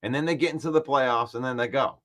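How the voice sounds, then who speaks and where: A man hosting a casual sports talk stream, animated and argumentative, repeating points for emphasis. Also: medium pitch, quick pace. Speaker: sports show host. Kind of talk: casual live-stream chat, reading comments.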